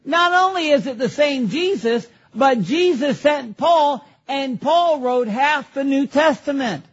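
A man's voice: very high voice, lively intonation, measured pace, highs cut off. A man preaching a sermon from a pulpit, emphatic, firing questions at the congregation and answering them himself. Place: church sanctuary at a pulpit.

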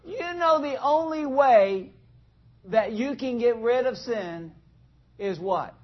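A man with a very high voice preaches slowly and deliberately to his congregation. He talks to them directly, throws questions at them and acts out small scenes as he goes. The sound is dull and lo-fi. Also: animated. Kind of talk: conversational sermon. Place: church in front of a congregation.

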